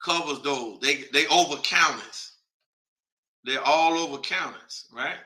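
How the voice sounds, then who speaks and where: Male host, casual broadcast, slightly high and very bright tone, chatty, reads aloud as he thinks. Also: a little slow. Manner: thinks aloud while reading a list off a map; speaks directly to viewers, chatty and informal.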